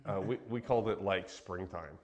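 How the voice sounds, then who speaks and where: Man with a somewhat low voice, from Western Kansas, relaxed conversational Bible teacher. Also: moderate pace. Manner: relaxed, chatty, laughs easily, frequent ums. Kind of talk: casual Bible teaching chat.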